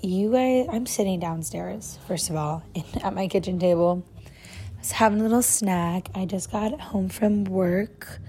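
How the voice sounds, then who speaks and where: A woman's voice: mid-range voice, unhurried, slight background noise. Bubbly young woman podcasting into a phone. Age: young adult. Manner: bubbly, loud, lots of "like" fillers. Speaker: podcast host. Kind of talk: casual chat, like a voice memo. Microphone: phone with clip-on lav mic.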